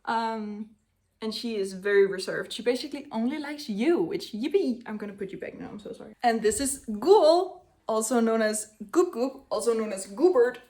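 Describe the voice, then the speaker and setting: A woman's voice: a little high, animated, normal speed, dark tone. A woman in her twenties talking casually to the camera as a vlogger. She is chatty and blunt, swears freely, and speaks to her younger self. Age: 20s.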